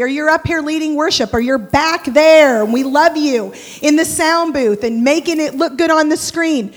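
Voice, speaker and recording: A woman preaching a sermon in a church, expressive, moving between loud lively passages and hushed prayerful ones. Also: high voice. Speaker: church speaker. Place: church sanctuary. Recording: long hall reverb.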